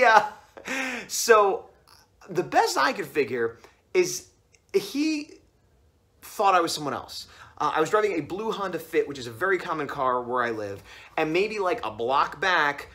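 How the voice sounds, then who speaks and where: A man's voice: a little high, bright, forceful tone. A man casually telling a long story on his vlog, rambling and acting out the other voices in it. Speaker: comic artist vlogger.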